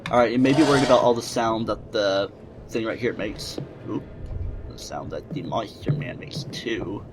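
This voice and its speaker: A man's voice: lowish voice, normal speed, music in the background, low-quality recording. A man giving let's-play commentary on a game he is playing, rambling and joking to himself as he goes. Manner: joking, rambling self-talk while playing.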